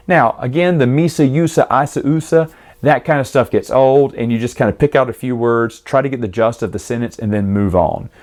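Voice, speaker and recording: A man's voice: mid-range voice, fairly quick, darkish tone. A man giving a casual, rambling book review with wry asides, who acts out the characters as he retells the plot.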